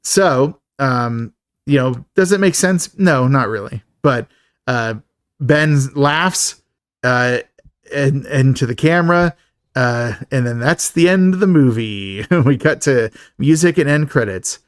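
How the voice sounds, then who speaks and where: Guy on a movie podcast, jokey recap, mid pitch, dry close mic. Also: expressive, slow pace, no room sound. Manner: jokey, recaps plot with fillers. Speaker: podcast co-host. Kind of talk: casual movie recap chat.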